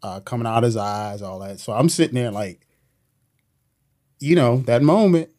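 Man telling a police story, animated. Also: mid-range voice, normal speed. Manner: animated retelling with slang and quoted voices. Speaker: police officer guest. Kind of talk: casual storytelling interview. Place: podcast studio.

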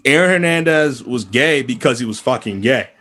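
A man's voice: mid-range voice, moderate pace. A man from the area hosting a podcast, ranting in casual chat with lots of restarts and swearing. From Boston area. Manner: animated, heated, many restarts and profanity. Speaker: podcast host.

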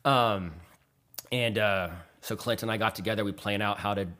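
A man's voice: on the low side, fairly even intonation, moderate pace, bright, forceful tone. A man from Texas, telling stories in a casual, rambling way with lots of fillers, livening up when he quotes others. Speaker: guest artist. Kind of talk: casual storytelling.

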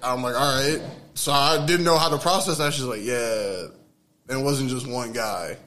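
A young man telling a story in casual podcast chat, animated and laughing as he talks. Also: medium pitch, moderate pace, a little hiss or hum. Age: young adult.

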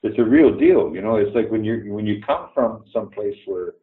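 An older Canadian man with a low voice tells candid, salty stories and acts out every line of dialogue. His voice comes over a thin, phone-like line from a roomy space. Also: lively intonation, normal speed. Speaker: guest actor. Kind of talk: casual interview storytelling.

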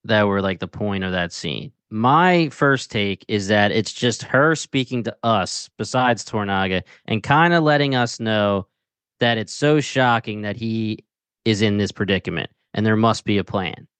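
A man co-hosting a casual podcast discussion, relaxed and thinking aloud. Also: fairly low pitch, unhurried, clear, resonant tone, no room sound. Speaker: podcast co-host.

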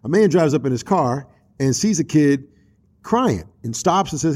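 A man hosting a church radio talk show, telling a story with animated, preacherly energy and street slang. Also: a little high, brisk, breathy edge.

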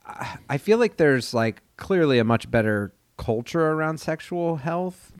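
A man with a slightly high voice chats on a podcast and drops quick jokes into the conversation. His pitch swings a lot. The recording is dry and close. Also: animated, clean tone, dry recording. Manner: joking, quick asides. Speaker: podcast co-host. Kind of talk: casual chat.

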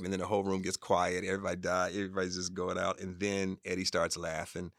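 Gravelly low-voiced director guy telling animated stories, dry close sound. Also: quick pace, dry recording. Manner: animated, acts out quoted voices. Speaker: film director, guest. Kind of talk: casual interview storytelling.

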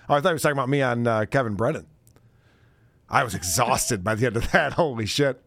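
A man's voice: mid-range voice, fast, creaky, a bit bright, no room sound. A man hosting a podcast, reading out paid chat messages in a sarcastic, mocking way and laughing often. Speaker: podcast host.

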